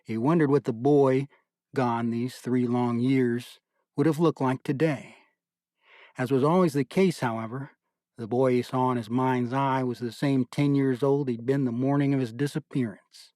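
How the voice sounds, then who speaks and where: A man narrating an audiobook in a measured, deliberate storytelling manner. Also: mid-range voice, fairly even intonation, dark tone, dry recording, studio quality.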